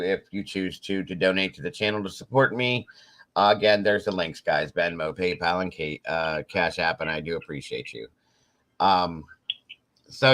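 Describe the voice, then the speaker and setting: Man, low voice, bright tone, host, casual live-stream chat, rambling, fillers. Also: low-quality recording. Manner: relaxed, rambling, with frequent ums and laughs.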